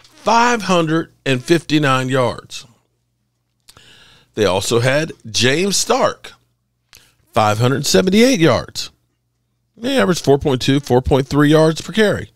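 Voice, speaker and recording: A man's voice: fairly high pitch, no echo, clean studio sound. A man hosting a sports channel, talking through stats in casual commentary, emphatic and repetitive, with occasional cursing.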